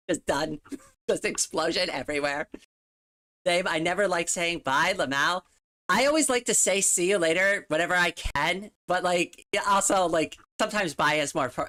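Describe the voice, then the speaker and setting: Woman streamer, casual chat, slightly low voice, rambling and giggly, home desk mic. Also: fairly bright tone. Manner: rambling, lots of "like", giggles often.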